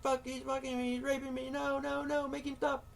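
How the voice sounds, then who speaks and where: A man voicing a panicked woman pleading for help in a shrill falsetto. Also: monotone, brisk, vocal fry.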